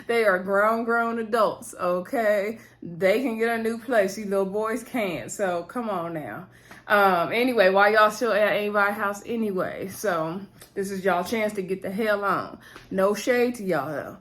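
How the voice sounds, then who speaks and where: A woman's voice: medium pitch, unhurried, fairly bright tone. A young woman talking casually to her viewers, chatty and full of fillers as she recaps a TV episode.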